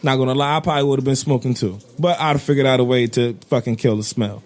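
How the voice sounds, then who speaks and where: A man co-hosting a podcast, ranting in a profane, animated way with bursts of laughter. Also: mid-range voice, fast. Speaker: podcast co-host. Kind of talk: casual podcast rant.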